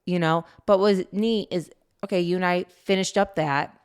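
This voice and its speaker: A middle-aged woman co-hosting a parenting podcast in casual chat, gently advising. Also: fairly low pitch, steady tone, normal speed, smooth. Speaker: podcast co-host.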